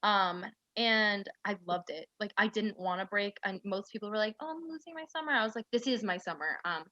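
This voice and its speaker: Young woman guest, bright and tense, rambling and full of fillers; dry, dull recording. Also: mid-range voice, normal speed, dry recording. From central New York. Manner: rambling storytelling with many "like" fillers. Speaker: guest, aspiring actress. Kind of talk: casual interview chat.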